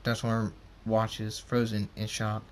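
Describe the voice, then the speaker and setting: Slow-reading man narrating a fan story. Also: fairly low pitch, completely flat delivery, a little hiss or hum. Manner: plain, slow narration with stumbles.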